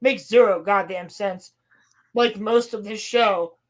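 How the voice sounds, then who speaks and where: A woman on a casual podcast, ranting profanely and exasperatedly about a show she is recapping. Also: mid-range voice. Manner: profane, exasperated ranting with quick acted quotes. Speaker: podcast co-host.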